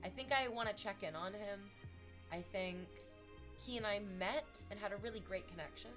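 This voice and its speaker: A young adult woman, chatting casually on a stream, rambling and self-deprecating with loud outbursts. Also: medium pitch, normal speed, over music.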